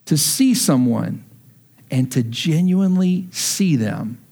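Pastor, man, 30s, from texas, high voice, storytelling sermon that builds to emphatic preaching. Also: darkish tone.

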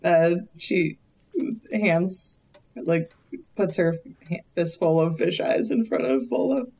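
A woman's voice: on the low side, slow pace, creaky, darkish tone. A woman playing a tabletop game, hesitant, filling with "like" and giggling. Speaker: player. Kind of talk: casual tabletop role-play.

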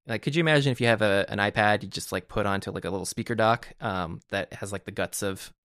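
A man's voice: fairly low pitch, fast, a bit bright, dry recording, clean studio sound. A man co-hosting a podcast, chatting casually about tech and rambling with lots of "like" and "I don't know". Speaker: podcast co-host.

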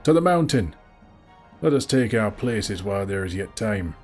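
A man voicing a male warrior leader who shouts commands to his troops in a put-on accent, in an audiobook reading. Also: sits low, fairly even intonation, a little slow, faint music behind. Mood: commanding. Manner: loud commanding calls, accent attempt.

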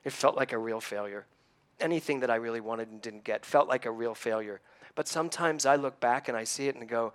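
A man in his sixties speaks from the pulpit in an earnest, storytelling way, turning to his listeners with questions. His voice sits at an ordinary middle pitch and carries a slight emotional edge. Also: brisk. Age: 60s. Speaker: church speaker. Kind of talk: conversational sermon.

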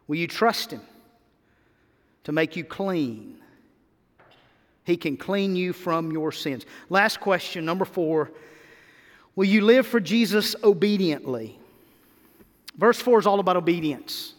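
A man preaching a sermon as a pastor, swinging between loud emphasis and quick quiet stretches. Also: high voice, animated. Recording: long hall reverb.

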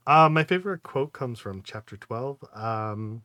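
A man's voice: mid-range voice, animated, a little slow, hardly any pauses, sharp tone, no room sound, studio quality. Hesitant, easygoing man co-host. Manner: hesitant, full of ums and likes, easy laughs. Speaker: podcast co-host. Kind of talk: casual book-club chat.

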